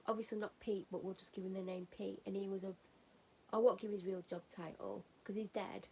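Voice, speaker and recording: A woman's voice: mid-range voice, steady tone, a little fast, dark tone, husky, rough recording. A woman vlogging at home while getting ready for bed, telling a rambling funny story in a casual chatty way and laughing at it.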